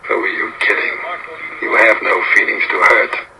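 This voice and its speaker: A man's voice: normal speed, sharp tone, poor audio. An actor playing a wry, sardonic leading man in an old film clip. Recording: hissy old film clip played through speakers.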